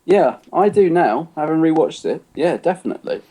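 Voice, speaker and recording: A man's voice: on the high side, expressive, normal speed, warm tone, slightly rough. A man co-hosting a podcast in casual chat, rambling a little and laughing often. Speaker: podcast co-host.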